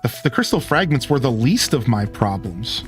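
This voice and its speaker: Streamer guy chatting over his game, upbeat and lively, bit of music behind. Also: mid-range voice, moderate pace. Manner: chatty, talks to chat, "dude" and "like". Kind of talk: casual let's-play commentary.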